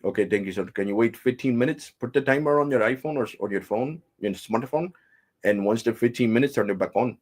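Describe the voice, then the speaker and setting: A man's voice: mid-range voice, brisk, darkish tone, close to an everyday voice. A man voicing a polite male call-center agent with an imitated Indian English accent, formal and apologetic, saying "sir" often. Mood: helpful.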